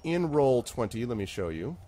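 A man with a mid-range voice serves as game master for an online tabletop game, speaking at a normal speed. His narration is loose, relaxed and hesitant, packed with fillers.

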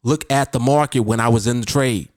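This man speaks a little fast in a medium-pitched, darkish voice, on a dry recording with clean studio sound. He's a podcast host and trading coach, giving casual motivational talk that's emphatic and repetitive.

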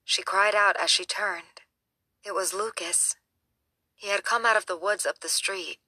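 Woman narrating in a bright, dry voice. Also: fairly low pitch, no room sound. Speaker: audiobook narrator. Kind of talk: scripted narration.

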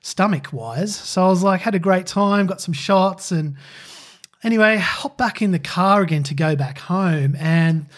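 A man's voice: high voice, measured pace. A man co-hosting a podcast, telling a rambling personal story full of fillers. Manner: rambling, with many fillers and laughs. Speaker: podcast co-host. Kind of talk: casual storytelling chat.

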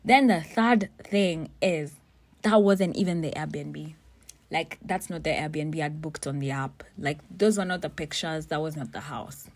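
A young woman tells a story about her birthday in a casual, animated way, swearing freely and dropping into Swahili phrases. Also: low-pitched, a little slow. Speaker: vlogger telling a story. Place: in a car with friends.

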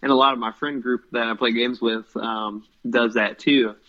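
Man, casual chat, rambling, lots of fillers, mid pitch, dull lo-fi sound. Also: fairly even intonation, moderate pace. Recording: slightly muffled lo-fi sound.

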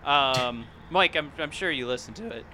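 A man's voice: mid-range voice, lively intonation, normal speed, noisy background. A man co-hosting a podcast in casual chat, rambling and searching for words as he goes. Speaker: podcast co-host.

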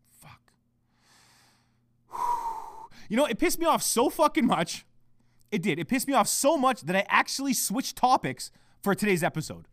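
A man's voice: a little high, dry recording. A man hosting his own podcast, ranting heatedly and swearing constantly, recorded at home on a microphone. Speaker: podcast host. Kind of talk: solo podcast rant. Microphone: microphone at a laptop.

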